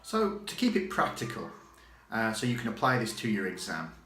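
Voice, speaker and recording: A man teaching an English exam grammar lesson from his home study, chatty and repeating example phrases slowly for learners. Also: fairly low pitch, huge pitch swings, bright, forceful tone, a little hiss or hum. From Catalonia, living there. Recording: echoey room.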